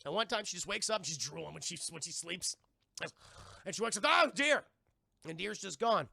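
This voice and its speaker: A man reviewing a cartoon on a live stream, animated and profane, often repeating himself. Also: high voice, brisk, vocal fry, no echo. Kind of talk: casual live-stream commentary.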